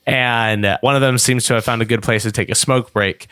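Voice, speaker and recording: A man's voice: mid-range voice, steady tone, brisk, bright, forceful tone, clear, resonant tone, dry recording. A man narrating a tabletop role-playing session as game master, describing scenes and calling for rolls.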